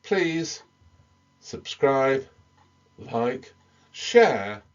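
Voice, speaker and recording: A man giving a recorded English lesson, talking slowly with many ums and small restarts. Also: mid-range voice, big pitch swings, lo-fi sound. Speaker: medical English teacher.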